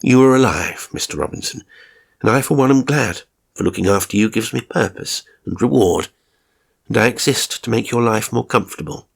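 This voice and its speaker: A man, reading a horror story, voicing a polite, literal-minded male carer who speaks in a calm, precise and oddly formal way. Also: on the low side, moderate pace, creaky, husky. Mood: composed. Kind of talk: audio drama reading.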